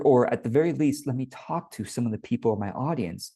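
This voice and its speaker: A man, a business coach, teaching a workshop in a relaxed conversational way and acting out quoted voices. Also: medium pitch, quick pace, breathy edge, no room sound.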